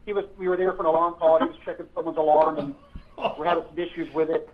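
A man calls in over a tinny phone line and tells old police stories in a rambling, halting way. His voice sits fairly high. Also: level tone. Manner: rambling storyteller, halting, many fillers. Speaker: guest, retired police officer. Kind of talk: casual chat.

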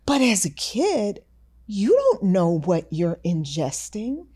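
A woman hosting a podcast, speaking in a measured, reflective, teaching way. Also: medium pitch, very animated, mellow, breathy edge. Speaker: podcast host. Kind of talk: reflective conversation.

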